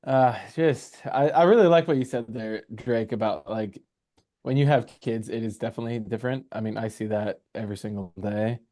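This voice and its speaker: Male podcast co-host, mellow voice, pushy and profane in casual chat. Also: mid-range voice, a little fast. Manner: emphatic, profane, encouraging.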